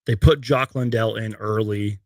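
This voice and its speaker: A young man hosting a live post-game fan stream from his bedroom, excitable on highlights and rambling in between. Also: moderate pace, no echo, clean studio sound. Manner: excitable, loud outbursts on highlights, then rambling. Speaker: sports fan show host. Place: bedroom at home.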